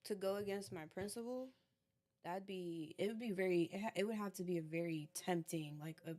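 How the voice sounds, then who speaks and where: Lower-pitched woman, measured and thoughtful. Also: dark tone. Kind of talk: casual podcast banter.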